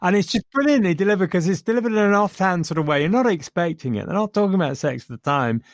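A man's voice: high voice, lively intonation, fast, dry recording, clean studio sound. A man discussing a film with enthusiasm, retelling funny scenes and chuckling as he goes. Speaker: film reviewer.

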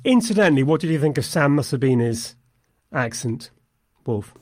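Measured man discussing a film. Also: on the high side, sing-song, darkish tone, no room sound. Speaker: podcast film reviewer.

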